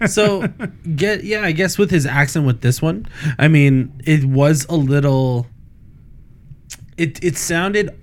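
A man co-hosting a casual film review chat, rambling with many restarts. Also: a little high. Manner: rambling, frequent restarts and fillers. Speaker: podcast co-host.

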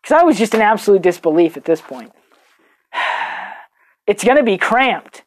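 A young woman telling a personal story on her podcast, casual and animated, swearing and acting out the people she quotes in different voices. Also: medium pitch, measured pace, a little hiss or hum. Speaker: podcast host.

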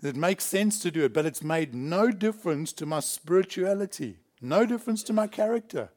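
A man's voice: sits high, expressive, moderate pace, a little mellow. A man from South Africa preaching a sermon in a church, emphatic and chuckling between points. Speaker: pastor.

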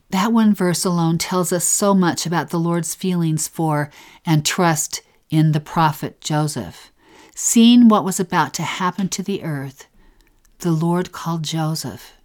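Woman, very low-pitched, reverent, measured scripture reader. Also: a little mellow. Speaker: scripture teacher. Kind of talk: scripture discussion.

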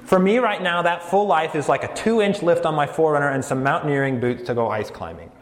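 Earnest preacher in an echoey hall. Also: male voice, fairly high pitch, a little fast, a little hiss or hum. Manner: earnest, builds emphasis, light jokes. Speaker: campus ministry preacher. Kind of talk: sermon to college students. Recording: echoey hall with long reverb.

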